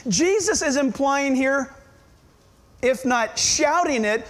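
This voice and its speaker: High-voiced man preaching with emphasis. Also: lively intonation, unhurried. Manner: emphatic, fires rhetorical questions at listeners. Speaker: pastor. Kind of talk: sermon.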